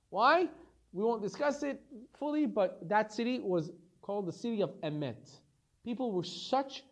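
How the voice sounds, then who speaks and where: A male rabbi teaches a Torah lesson in a high, very lively voice. He tells stories with animation and acts out each character's lines as he goes. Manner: animated storytelling, acts out dialogue.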